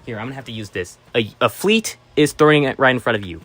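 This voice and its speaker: A man chatting casually as a vlogger, excitable and rambling, with restarts and sudden loud outbursts. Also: mid-range voice, fast talker. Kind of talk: casual vlog chat.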